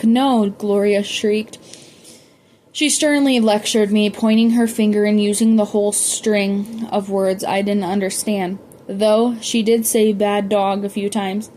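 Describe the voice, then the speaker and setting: A woman's voice: medium pitch, a little mellow, slight background noise. A woman reading a novel aloud, often stumbling and correcting herself as she goes. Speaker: audiobook reader.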